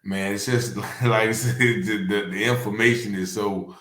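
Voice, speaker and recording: A man hosts a talk show in a low voice, stumbling and repeating words while he looks for the right ones. The room around him gives the recording a noticeable echo. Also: fairly even intonation, a little slow, fairly bright tone. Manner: hesitant, repeats words while searching for them. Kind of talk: casual conversational interview. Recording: roomy echo.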